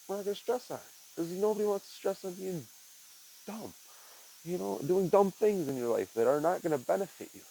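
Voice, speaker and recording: A man's voice: high voice, brisk, vocal fry, dark tone, slight background noise, low-quality recording. A young man, a podcast host, talking in a rambling, reflective way and often saying "man" and "dude". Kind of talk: casual monologue.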